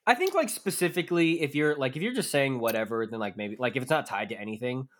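A man's voice: mid-range voice, lively intonation, fast, a bit bright. A man hosting a podcast in casual chat, rambling and filling his talk with "like.". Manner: rambling, heavy on filler "like". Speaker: podcast host.

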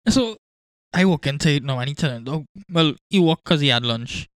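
A man with a somewhat high voice that swings up and down a lot tells his side of a story among friends. He chimes in with quick reactions, and the sound is dry and close. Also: lively intonation, a bit bright, no room sound. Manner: laughing, chiming in with reactions. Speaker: podcast co-host. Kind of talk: casual chat.

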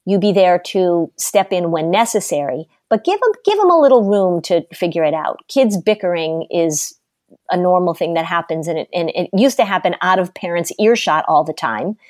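Middle-aged woman, parenting expert, firm and emphatic, slightly low voice, dry close sound. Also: lively intonation, moderate pace, a little mellow, no echo. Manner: emphatic, firm, uses everyday examples. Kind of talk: casual conversational advice.

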